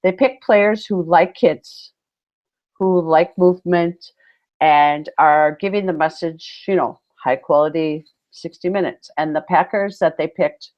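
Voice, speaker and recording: A woman with a fairly low voice co-hosts a relaxed chat, telling stories with lively, excited exclamations. Her audio sounds dull and lo-fi, as if the highs were cut away. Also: measured pace. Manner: animated storyteller, acts out quotes with big exclamations. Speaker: podcast co-host, PE teacher. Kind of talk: casual chat. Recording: muffled lo-fi audio.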